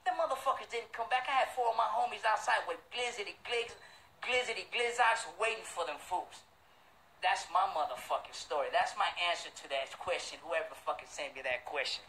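A middle-aged man, telling a street story as a show host, loud and profane, putting on the voices of the people in it. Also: high voice, fairly quick, a little hiss or hum. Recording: roomy echo.

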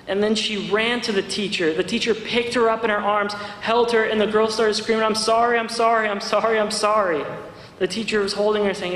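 A young man, a youth director, preaching a sermon in a church and telling a story in an earnest, gentle way. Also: high voice. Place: church sanctuary. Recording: echoey church hall, faint noise.

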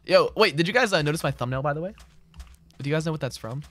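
A man's voice: on the high side, animated, fast talker, fairly bright tone. A man streaming a game live, chatting casually and reading out and answering his chat. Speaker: gaming streamer. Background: game music and keyboard typing.

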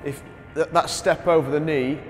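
A man's voice: a little high, fairly even intonation, moderate pace. A man, a strength and conditioning coach, who explains sprint mechanics and keeps affirming with "yeah". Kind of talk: coaching interview chat. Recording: reverberant space with faint music.

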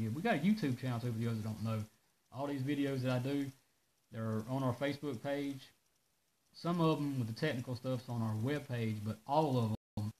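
A man talks casually on a live stream, launching into animated rants in his mid-range voice. His delivery is loose and drawling, with a faint hiss underneath the recording. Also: medium pitch, rough recording. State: out of breath. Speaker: host of a live parts-shop video.

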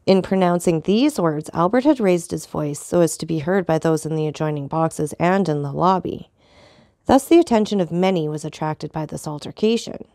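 Woman narrator for a classic novel, gravelly, dry close sound. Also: low voice, normal speed, dark tone, dry recording. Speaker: audiobook narrator. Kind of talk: scripted narration.

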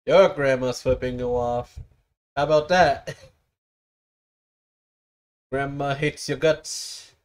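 A man's voice: mid-range voice, steady tone, slow pace, long pauses. A young man streaming live, teasing and laughing with a loose, foul-mouthed, goofy manner. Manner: teasing, laughing, swearing freely. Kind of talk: casual live-stream chat.

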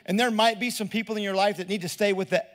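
A middle-aged man with a drawl preaches a sermon in a high voice for a man. He talks to the crowd like a friend, doubles back over his words and keeps asking them questions. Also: fairly even intonation, fast talker, fairly bright tone. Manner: conversational, repeats words, asks the crowd questions. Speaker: pastor.

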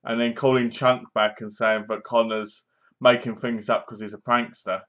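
A man's voice: mid-range voice, flat delivery, normal speed, a bit bright, highs cut off. A young man chattily retelling a film's plot in a casual review, leaning on fillers like "basically". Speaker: film reviewer. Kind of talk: casual spoken movie review.

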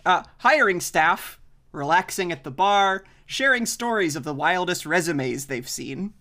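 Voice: mid-range voice, animated, unhurried, sharp tone. Laid-back chuckling game host. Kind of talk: hosting an improv game stream.

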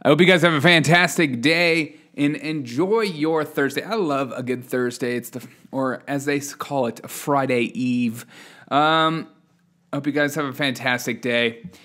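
A man hosts a casual news podcast at a moderate pace, his medium-pitched voice a bit bright. He reads headlines loosely and without a script, using fillers and dropping sarcastic asides while chuckling.

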